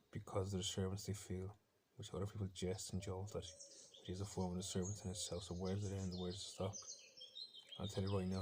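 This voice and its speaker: Irish man, low flat voice, fast and rambling, defiant monologue. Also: slight background noise. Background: faint bird sounds from a laptop.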